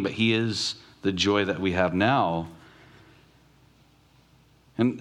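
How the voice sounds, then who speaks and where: A man preaching a sermon, reflective, asking questions aloud and slowing down to stress key words. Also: lowish voice, fairly bright tone. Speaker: pastor.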